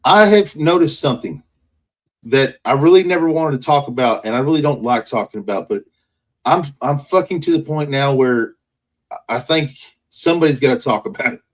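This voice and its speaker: A man's voice: medium pitch, normal speed. A man in casual chat, ranting heatedly with constant profanity.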